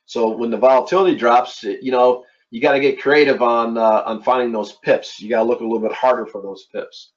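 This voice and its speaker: A middle-aged man from Philadelphia hosting a casual trading webinar, talking in a halting way with many repeated words and fillers. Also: medium pitch, steady tone. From East Coast of the United States, Philadelphia. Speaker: webinar host and trading instructor. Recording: dull lo-fi online audio.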